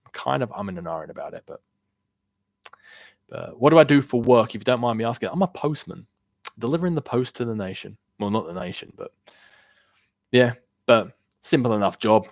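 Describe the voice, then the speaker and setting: A man's voice: medium pitch, animated, fairly quick, long pauses, dry recording, studio quality. A young man chatting casually on a gaming live stream, rambling loosely and answering viewer questions from chat. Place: home room. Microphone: worn-out desk microphone.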